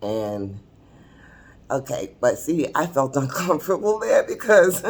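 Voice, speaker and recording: A woman's voice: sits low, very animated, measured pace, darkish tone. A woman in her sixties telling her own story to camera in a chatty, confiding way, often laughing mid-sentence. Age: 60s. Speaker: vlogger. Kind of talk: casual personal storytelling to camera. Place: seated at a table indoors.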